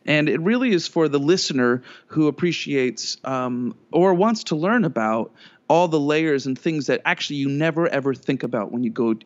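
Man, podcast co-host, casual chat, self-deprecating, medium pitch, a bit lo-fi. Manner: chatty, self-deprecating, quick bursts.

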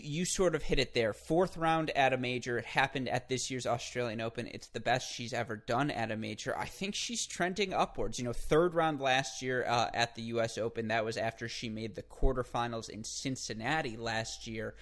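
A man co-hosting a tennis podcast, talking energetically in long runs with quick restarts. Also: medium pitch, steady tone, fairly bright tone. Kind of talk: casual sports chat.

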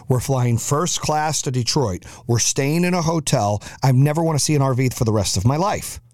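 A man's voice: medium pitch, normal speed, a little mellow, no room sound, studio quality. A man hosting a podcast, telling a chaotic family travel story with lots of cursing and acted-out quotes. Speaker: podcast host. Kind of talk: storytelling monologue.

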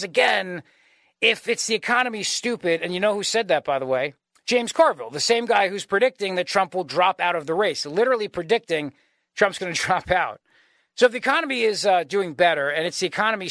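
A man with a high, bright-edged voice delivers an opinionated talk radio monologue. He presses his points with rhetorical questions. The studio sound is dry and close. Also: dry recording. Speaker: radio talk show host.

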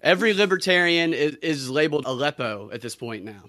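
A man's voice: on the high side, lively intonation, brisk, pushed and bright. A man co-hosting a podcast in casual political chat, wry, with brief interjections and playful mimicry. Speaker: podcast co-host.

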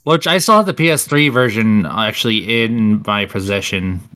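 A man's voice: lowish voice, normal speed, pushed and bright. A man co-hosting a podcast, enthusing emphatically in casual chat, with plenty of swearing. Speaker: podcast co-host.

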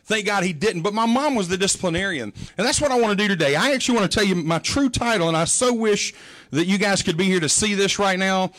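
A man's voice: high-pitched, fast talker, fairly bright tone. A middle-aged male pastor giving a sermon, telling humorous, folksy stories about his mother.

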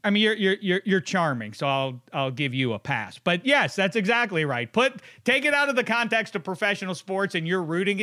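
A man's voice: high-pitched, bright, forceful tone. A man co-hosting a casual sports chat, rambling and repeating himself as he tells a story.

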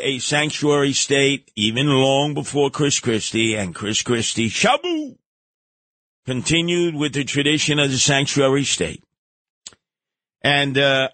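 A man's voice: mid-range voice, pushed and bright, dry recording. A man hosting a talk radio show, delivering a blustery, sarcastic, mocking monologue into a studio microphone.

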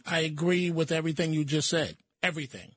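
A man hosting a call-in radio talk show, firm and quick to cut callers off. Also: fairly high pitch, fairly even intonation, dry recording.

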